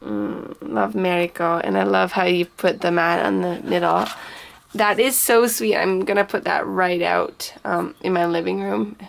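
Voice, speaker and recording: Slow, gravelly-voiced gushing woman. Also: lowish voice, steady tone. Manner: gushing, exclaims over small gifts; sprinkles in Japanese phrases. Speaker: scrapbooking vlogger. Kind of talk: casual unboxing chat.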